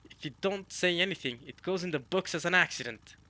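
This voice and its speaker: A cruel, arrogant noble villain sneers his threats, his voice pushed a little higher and louder than normal, as a man reading a manga puts him on. The tone is bright and hard. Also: brisk, no room sound. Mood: sneering.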